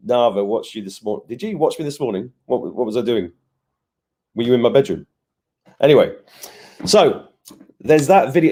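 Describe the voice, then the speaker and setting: A man with a fairly low, mellow voice hosts a casual live stream, greeting viewers by name and cracking jokes as he rambles. He's chatty, tosses in joking asides, and keeps restarting his rambling thoughts.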